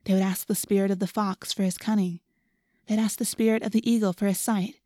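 Gentle, dreamy teenage girl, read by a woman. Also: medium pitch, steady tone, fairly quick, no room sound, studio quality, lightly acted. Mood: soft. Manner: soft, hushed and reflective.

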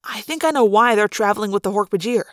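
A woman voicing a wisecracking teenage boy with a teasing, quick-witted manner. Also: medium pitch, no room sound, clean studio sound, lightly acted. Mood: thoughtful.

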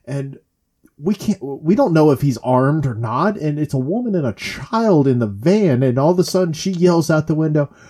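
Mellow-voiced young man telling a story. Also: a little high, normal speed, breathy edge. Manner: animated storyteller acting out quotes. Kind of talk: casual chat.

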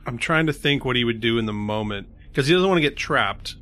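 A man's voice: mid-range voice, animated, brisk, sharp tone. A man playing a tabletop game, thinking aloud hesitantly with many fillers. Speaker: player. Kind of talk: casual tabletop play.

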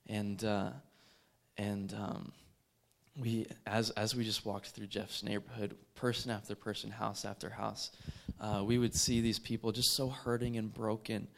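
A man telling a personal faith testimony in an earnest, halting way, with many fillers and restarts. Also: on the low side, level tone, creaky, a bit bright. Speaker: street evangelist.

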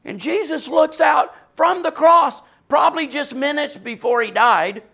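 A man preaching a sermon with a voice that carries, swinging from hushed, quiet passages to loud, emphatic ones. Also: very high voice, unhurried, vocal fry.

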